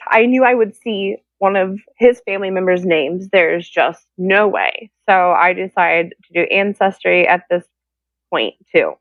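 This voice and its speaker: Sharing her story as a guest, a woman speaks in a mid-range voice, frank and emotional, quoting people by performing their voices. The audio is dry and tinny, as though over a phone.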